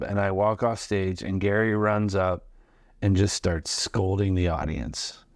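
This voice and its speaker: A man in his forties tells a stand-up story as an interview guest. His voice sits a little low and is recorded dry and close. He acts out the quotes and talks with lots of fillers. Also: fairly even intonation, unhurried, dry recording. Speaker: comedian guest.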